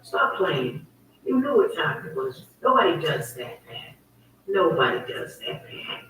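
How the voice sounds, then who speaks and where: A woman's voice: low-pitched, sing-song, a little slow, fairly bright tone, very echoey, far from the mic, a little hiss or hum, rough recording. A woman hosting her own online talk show, telling a story in a heated, emphatic, repetitive way. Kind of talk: casual livestream monologue.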